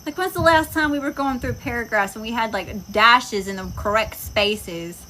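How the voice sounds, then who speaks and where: A woman's voice: fairly high pitch, normal speed, bright, forceful tone, slight background noise, low-quality recording. A woman giving a casual tarot reading, talking bluntly and emphatically with plenty of profanity. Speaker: tarot reader. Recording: insects and crickets chirping behind.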